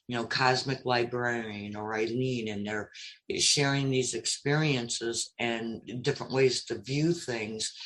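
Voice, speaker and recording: A man's voice: mid-range voice, fairly bright tone. A man taking part in a casual online roundtable, speaking reflectively and hesitantly, often searching for his words. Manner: reflective, hesitant, many fillers and restarts. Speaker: roundtable guest. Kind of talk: casual online group chat.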